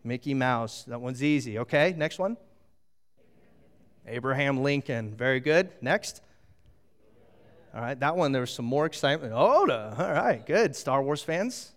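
A middle-aged man preaching a sermon as a pastor, animated and storytelling, drawing the audience into a little game. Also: medium pitch, unhurried, pauses often. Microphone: handheld microphone.

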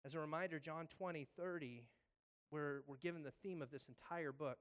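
A man's voice: on the high side, normal speed, a bit bright. A man preaching a sermon in a casual way, acting out the voices of biblical figures. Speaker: pastor.

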